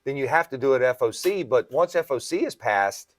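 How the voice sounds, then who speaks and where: Brief: male podcast host, comic retailer, chatty explainer, mid-pitched, dry close sound. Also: lively intonation, brisk, no room sound. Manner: explains at length, often checks in with "right?". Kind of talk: casual podcast chat.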